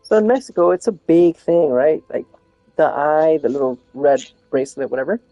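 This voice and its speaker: A woman's voice: sits low, lively intonation, moderate pace, dark tone, dull audio, faint music behind. A woman chatting casually while streaming a game, rambling and laughing often. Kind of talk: casual chat while gaming.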